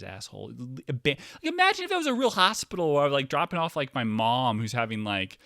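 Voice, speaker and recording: A man hosting a comedy podcast, telling a meandering, profane story that drops to mumbles and jumps to loud outbursts. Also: mid-range voice, wildly swooping pitch, fairly quick, few pauses, no room sound, clean studio sound. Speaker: podcast host.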